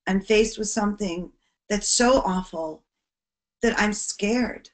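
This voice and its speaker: A woman presenting to teachers on bullying prevention, her voice sitting at an ordinary middle pitch. She talks earnestly and from the heart. On the heaviest points her voice falls soft and low. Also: takes it slowly.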